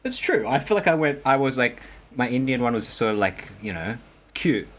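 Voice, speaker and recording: A man's voice: medium pitch, big pitch swings, normal speed, fairly bright tone. A man co-hosting a podcast in casual banter, calling in from abroad, jokey and playful with loose fillers. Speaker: podcast co-host. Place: abroad in Korea, calling in remotely.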